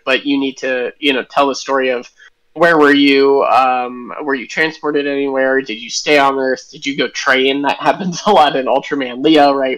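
Guest game designer, male, mid-pitched, eager and musing as he talks. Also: fairly bright tone, low-quality recording. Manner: enthusiastic, thinks aloud with tangents. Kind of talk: interview answers.

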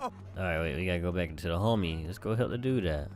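A young man giving casual let's-play commentary, bantering loudly with slang and swearing as he plays. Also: low voice, fast. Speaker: gamer commentator. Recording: game music behind.

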